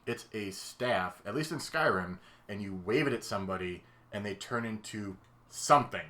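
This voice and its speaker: A man's voice: on the low side, animated, moderate pace, pushed and bright. A man co-hosting a chatty podcast, explaining at length and laughing easily. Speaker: podcast co-host explaining game lore. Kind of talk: casual podcast chat.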